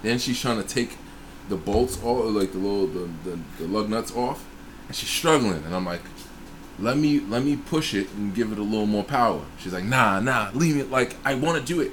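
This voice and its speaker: A man's voice: on the low side, normal speed, slight background noise. A man casually telling a personal story in a group chat, swearing freely and acting out the voices of the people in it. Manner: profane, animated retelling with acted-out quotes.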